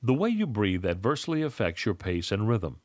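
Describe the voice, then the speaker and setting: A man reading a scripted lesson on public speaking in a measured, instructive way. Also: fairly low pitch, big pitch swings, a little mellow, dry recording, clean studio sound.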